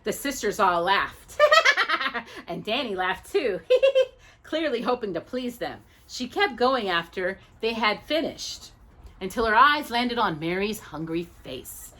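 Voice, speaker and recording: A woman reading a storybook aloud as the storyteller, expressive and animated. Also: mid-range voice, measured pace.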